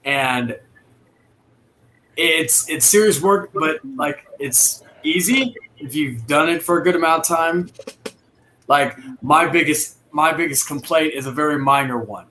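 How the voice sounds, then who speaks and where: A man's voice: on the high side, unhurried, sharp tone, slight background noise. A man chatting casually about his kitchen job, rambling with many restarts and fillers. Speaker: dishwasher and cook. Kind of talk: casual chat on a live stream.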